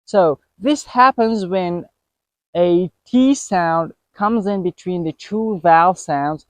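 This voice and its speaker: A man teaching a pronunciation lesson, saying each example word twice in a careful, deliberate way. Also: high-pitched, no room sound. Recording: dry, dull lo-fi voice recording.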